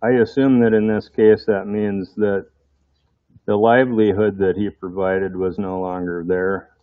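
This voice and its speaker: A man's voice: lowish voice, no echo, lo-fi sound. A man preaching a sermon in a conversational way, often putting rhetorical questions to his congregation.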